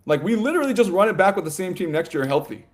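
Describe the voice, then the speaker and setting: A man co-hosting a sports podcast, talking in a loose, animated ramble full of "like" and "you know" and quick laughs. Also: high voice. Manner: laughs often mid-sentence. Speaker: podcast co-host. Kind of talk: casual sports chat.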